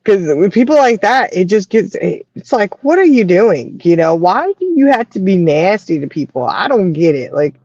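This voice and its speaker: A woman's voice: mid-range voice, very animated, moderate pace, few pauses, a little mellow, no echo. Chatty woman, laughing often. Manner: laughs often, quotes herself with attitude. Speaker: co-host. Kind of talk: casual chat. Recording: dry, dull lo-fi sound.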